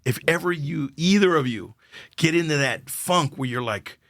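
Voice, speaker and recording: A man's voice: a little high, moderate pace, no room sound, clean studio sound. An older man, a comedian guest on a podcast, telling stories casually and acting out the dialogue. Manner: animated storyteller acting out dialogue. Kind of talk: casual storytelling chat.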